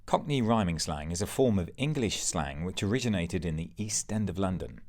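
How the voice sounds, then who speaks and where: A man with a very low voice reads a scripted explainer. His delivery is steady and informative. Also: a little fast, background noise. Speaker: narrator.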